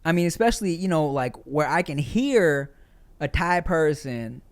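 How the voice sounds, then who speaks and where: A man hosting a podcast, talking in a relaxed, slangy way and chatting casually with his co-hosts. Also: on the high side, normal speed. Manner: relaxed, slangy, drops into ad reads. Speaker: podcast host.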